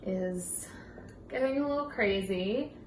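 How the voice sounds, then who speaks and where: A woman's voice: mid-range voice, slow. A young woman co-hosting a podcast in casual chat, talking loosely with many fillers and frequent laughs. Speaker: podcast co-host. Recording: roomy, slightly distant mic with faint room noise.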